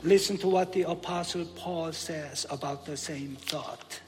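A man's voice: fairly high pitch, a little slow, noisy background. A male pastor preaching a sermon, emphatic and joking, chuckling at his own humor. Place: church sanctuary. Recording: long church reverb.

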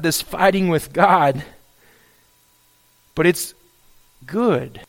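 A man preaching a sermon, reading scripture and then acting out a prophet's pleading complaints to God. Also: fairly high pitch. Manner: reads scripture then expounds, acts out a pleading prophet with rising intensity. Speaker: pastor.

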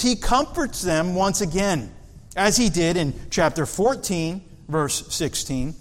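A man's voice: high voice, moderate pace. Earnest male preacher in a reverberant hall. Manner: earnest, rising emphasis on key points, restarts words. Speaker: pastor. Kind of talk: expository sermon.

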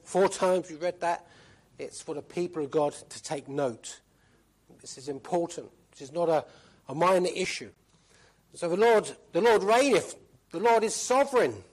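A man preaching a sermon in a fairly high voice. He is emphatic, comes back to key phrases again and again, and asks the listeners rhetorical questions. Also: darkish tone.

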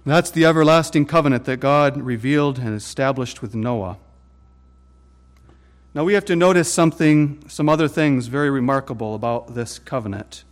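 A man preaching a sermon, deliberate and emphatic, building stress through lists of scripture. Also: mid-range voice.

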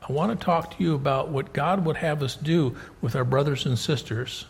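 A man's voice: a little high, moderate pace, gravelly, husky. A middle-aged man preaching a conversational sermon to a congregation, often repeating words and checking in with his listeners. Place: church hall. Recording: hall reverb.

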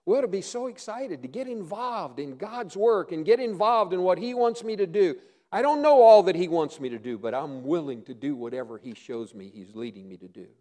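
Male pastor, high voice, sermon, storytelling, acts out dialogue, swings between loud and hushed. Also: lively intonation, fairly quick.

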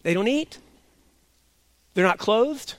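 A pastor preaching an expository sermon. He sets loud, emphatic stresses against quiet asides, and he repeats his key points slowly. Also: sits high, expressive, no room sound.

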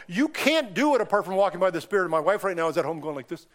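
A pastor preaching a sermon in a church, emphatic and impassioned, with sudden rises and drops in pitch and loudness. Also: male voice, very animated, fast, hardly any pauses.

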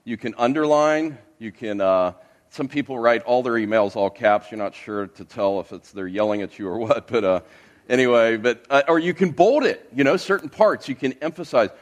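A man preaches an expository sermon to his church congregation. He speaks earnestly at a middle pitch, with frequent uh and restarts along the way. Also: moderate pace. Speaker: pastor.

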